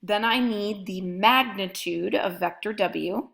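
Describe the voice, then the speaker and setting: A woman's voice: mid-range voice, takes it slowly, vocal fry, fairly bright tone. A woman math instructor giving a recorded lecture, methodically talking through each step as she writes it out.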